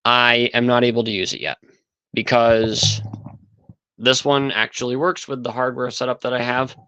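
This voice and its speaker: A man's voice: mid-range voice, steady tone, normal speed, pushed and bright, clear, resonant tone, no room sound, rough recording. A man hosting a livestream in casual chat, talking aloud as he sets things up. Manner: chatty, thinks aloud while setting up. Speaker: livestream host.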